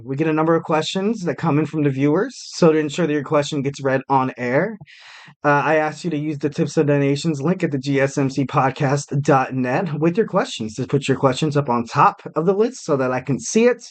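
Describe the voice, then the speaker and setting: A man hosting a solo podcast, talking casually in a rambling, self-deprecating way with lots of fillers. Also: on the high side. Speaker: podcast host.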